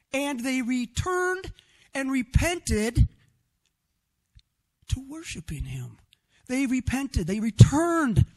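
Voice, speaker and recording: A man preaching a sermon in an expressive way, sometimes getting loud and often adding a questioning "right?" to his points. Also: very high voice. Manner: rhetorical "right?" asides.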